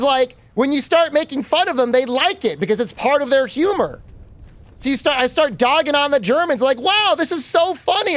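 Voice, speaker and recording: He's a game streamer who rambles and cracks jokes to his chat as he plays. The voice is very high and a bit bright, with no echo in the recording.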